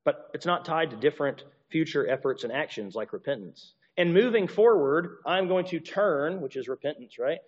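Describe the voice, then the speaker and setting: A man's voice: fairly high pitch, animated, normal speed, hardly any pauses. A man preaching a sermon, talking animatedly with frequent restarts and repeated words, acting out apologies in shifting voices. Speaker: pastor or teacher. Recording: dull recording with long reverb.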